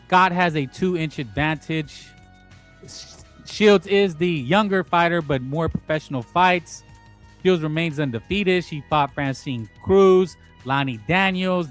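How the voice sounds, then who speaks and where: A man hosts a casual boxing talk livestream in a slightly higher-than-usual voice. He rambles bluntly, trips over restarts and drops crude asides. Faint music plays underneath. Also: unhurried. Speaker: boxing talk show host.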